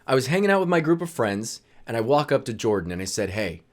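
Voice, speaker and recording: A young man casually telling funny stories from his high school days, acting out what his friends said and laughing as he goes. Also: fast talker. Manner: animated, laughs while telling, acts out friends' lines. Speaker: storyteller vlogger. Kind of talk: casual storytelling.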